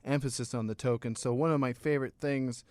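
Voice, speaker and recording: Wry young comedian with a smooth voice. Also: male voice, medium pitch, steady tone, quick pace, a little mellow, no room sound. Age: young adult. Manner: wry, self-mocking. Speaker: comedian guest. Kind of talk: joking talk radio interview.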